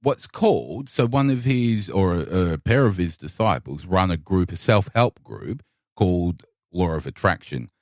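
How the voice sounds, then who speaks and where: Australian male podcast co-host, lowish lively voice, dry close mic, swears freely in loose chat. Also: measured pace, no room sound. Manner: animated, swearing, repeats words often. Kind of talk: casual chat. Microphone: podcast microphone.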